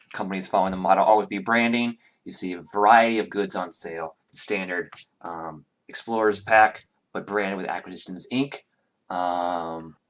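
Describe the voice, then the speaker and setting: A low-voiced man narrates as game master of a tabletop game. He describes scenes in a relaxed, unhurried way, filling his pauses with ums.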